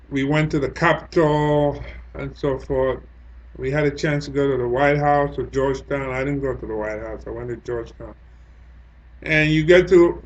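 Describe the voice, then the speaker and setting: Rambling man, muffled lo-fi sound. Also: a little high. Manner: loose and digressive, many "like" and "you know" fillers. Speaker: travel vlogger. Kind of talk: rambling monologue.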